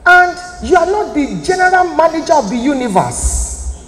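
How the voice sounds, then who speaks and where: Lively Nigerian woman in echoey hall. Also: sits high, moderate pace. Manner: emphatic, preacherly, direct appeals to listeners. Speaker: motivational speaker. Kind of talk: motivational talk to an audience. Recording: echoey hall, faint room noise.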